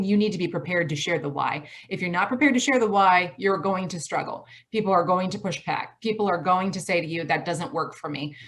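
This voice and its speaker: A woman in her forties from Michigan with a Midwestern accent gives a motivational talk over a video call from home. She talks fast, stresses her points hard and repeats her key phrases. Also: mid-range voice. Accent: Midwestern American. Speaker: college president giving a talk.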